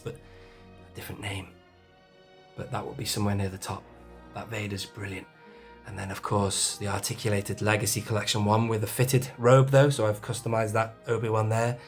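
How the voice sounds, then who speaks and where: A man, casually touring his toy collection shelves in a chatty, self-deprecating way. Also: on the low side. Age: 40s. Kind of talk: casual shelf tour.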